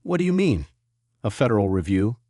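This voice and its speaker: A man's voice: fairly low pitch, very animated, moderate pace, a little mellow, dry recording, clean studio sound. A man voicing a rattled, arrogant veteran judge who stammers and turns desperate. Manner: stammering, defensive, increasingly desperate.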